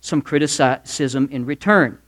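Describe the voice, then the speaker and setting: A dignified eighteenth-century preacher who answers an insult with calm, dry courtesy. His tone stays composed and polite while the words cut, played by a man in a sermon. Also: mid-range voice, measured pace, close to an everyday voice.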